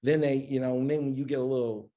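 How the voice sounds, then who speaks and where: A man's voice: medium pitch, fast. A man as a guest in a live conversation, telling stories animatedly and acting out other people's lines. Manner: acts out quoted voices, lively and emphatic. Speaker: guest, media executive. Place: event hall on stage.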